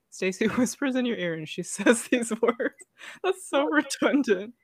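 A woman reading a text adventure game aloud to friends, quick and giggly. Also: medium pitch, lively intonation, no echo. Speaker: game narrator.

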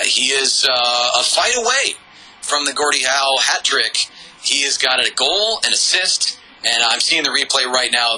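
A man's voice: mid-range voice, sharp tone, rough recording. A man giving live hockey color commentary, analytical, with frequent "uh"s. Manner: analytical, many filler "uh"s.

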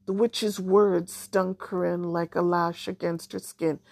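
A woman narrating a children's storybook in a measured, even way. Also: lowish voice, creaky, no room sound. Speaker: audiobook narrator.

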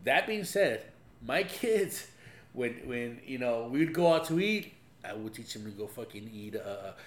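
A man's voice: mid-range voice, animated, unhurried. A man telling profane stories in a casual chat, laughing often. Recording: echoey room with faint hum.

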